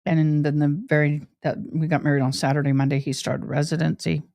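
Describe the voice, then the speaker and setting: Soft-spoken woman chatting to viewers. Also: deep voice, level tone, a little fast, vocal fry, dry recording, clean studio sound. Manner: chatty, personal, addresses viewers directly. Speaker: livestream host. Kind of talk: casual livestream chat.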